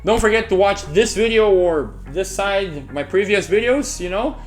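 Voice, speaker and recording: Animated man telling a story, lively pitch. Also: normal speed, faint music behind. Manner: animated, casual, swears freely, laughs often. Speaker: YouTube storyteller. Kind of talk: storytime vlog.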